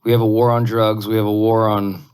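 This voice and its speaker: A man's voice: lowish voice, level tone, a little mellow, clear, resonant tone. Sarcastic joking podcast man. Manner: sarcastic, quick jokey interjections. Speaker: podcast co-host. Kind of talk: casual political podcast chat.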